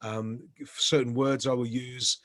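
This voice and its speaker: Male coach, conversational, mid-pitched voice, easygoing panel chat. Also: flat delivery, a little slow, fairly bright tone. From England. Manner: chatty, self-deprecating, lots of restarts. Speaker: business coach.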